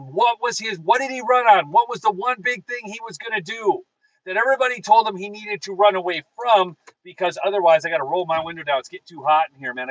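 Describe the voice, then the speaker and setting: High-voiced guy ranting live from his car, dry close sound, all worked up and preachy. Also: no room sound, muffled recording. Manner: fired-up, preachy, talks to viewers as folks. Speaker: political talk show host. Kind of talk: live political commentary with chat.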